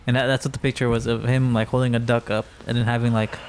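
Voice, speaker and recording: A young man guesting on a casual podcast. He speaks in a flat, even tone and rambles through his stories, full of pauses and fillers. A faint hiss runs under the recording. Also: medium pitch. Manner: rambling, hesitant, lots of fillers. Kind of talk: casual storytelling.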